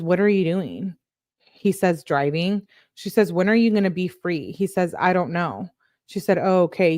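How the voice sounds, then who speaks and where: A woman with a fairly low voice reads a run of text messages aloud, one after another. She keeps the reading plain, then slips into loose, conversational comments of her own. The sound is dry and close, with no room around it. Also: a little mellow, dry recording. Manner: plain reading with casual asides, says "like" often. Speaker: true crime channel host.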